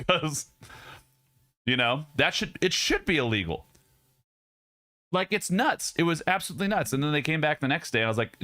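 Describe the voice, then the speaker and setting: Animated, loose-talking young man streamer. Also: fairly high pitch, a little fast, long pauses. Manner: loose, profane, rambling with many restarts. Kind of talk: casual live stream chat. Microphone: studio dynamic mic.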